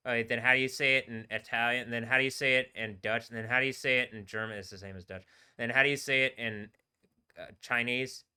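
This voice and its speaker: A man streaming live, rambling casually in a halting way and trailing off mid-word. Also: mid-range voice, fairly even intonation, pushed and bright, smooth. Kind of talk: casual rambling livestream talk.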